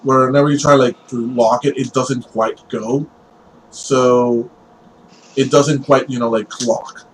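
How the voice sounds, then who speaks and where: A man's voice: medium pitch, steady tone, takes it slowly, a little hiss or hum, poor audio. A man narrating as game master of a tabletop game, rambling with frequent fillers.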